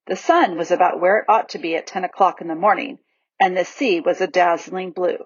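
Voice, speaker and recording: A woman reading a children's novel aloud in a lively, expressive storybook narration, in a dull, dry recording. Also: lowish voice, fairly quick, husky, no room sound. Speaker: audiobook reader.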